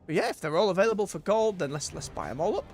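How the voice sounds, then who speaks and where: A man's voice: high voice, big pitch swings, rapid-fire, gravelly, slight background noise. A man streaming an online role-playing game, chatting casually and thinking aloud as he plays. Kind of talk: casual live-stream commentary. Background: game music.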